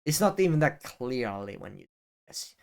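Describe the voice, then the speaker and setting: A man's voice: mid-range voice, sing-song, normal speed, vocal fry, a little mellow. A young man talking casually to camera as a YouTuber, rambling with many fillers and restarts and the odd swear word. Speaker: YouTuber giving advice. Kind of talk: casual on-camera advice talk.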